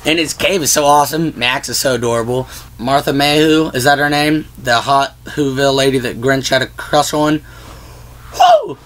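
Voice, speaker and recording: A vlog host talks about movies in a casual, rambling list-style chat stuffed with "like" and "whatnot." His voice is medium-pitched and fairly bright, brisk, with fairly even intonation.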